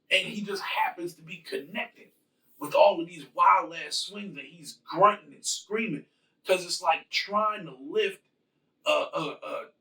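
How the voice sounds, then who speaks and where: Dude slowly rambling through his movie rewrite, gravelly, kinda far from the mic. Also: high voice, bright, forceful tone. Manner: rambling, slangy, full of fillers. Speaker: channel host. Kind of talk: casual movie rewrite retelling.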